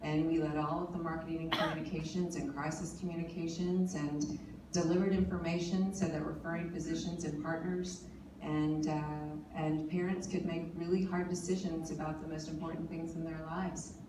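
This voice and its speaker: A woman in her forties, serving as a panel speaker, gives an earnest personal speech at a forum in a large conference hall, full of fillers and restarts. Her voice sits low with little pitch movement, at a moderate pace. A distant mic picks her up in the echoey, noisy hall.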